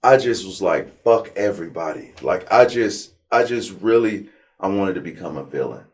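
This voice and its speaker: A man's voice: low-pitched, moderate pace. A man from Southern California, an interview guest, telling his life story with feeling, swearing freely and acting out what others said. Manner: animated, profane, acts out quoted people.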